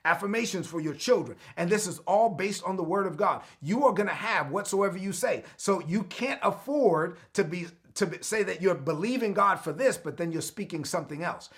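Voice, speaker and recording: A male pastor delivers an online devotional sermon, urging listeners to repeat his declarations. His voice sits high for a man and carries a gravelly edge, and he keeps calling for responses from his audience. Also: lively intonation, moderate pace, few pauses. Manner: exhorting, calls for responses.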